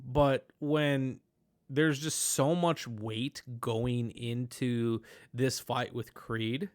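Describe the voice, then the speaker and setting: A man hosting a podcast, chatting casually about a film, talking in animated, rambling bursts with many restarts and fillers. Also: mid-range voice, extremely slow, smooth. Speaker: podcast host. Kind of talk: casual movie review chat.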